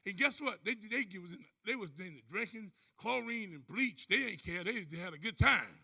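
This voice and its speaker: This is a man giving a lively testimony from a conference stage. His voice sits unusually high for a man and swings widely as he acts out each character. The tone is bright and gravelly. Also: moderate pace. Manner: animated storyteller, acting out other voices and whooping. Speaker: conference speaker. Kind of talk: motivational testimony to a live audience.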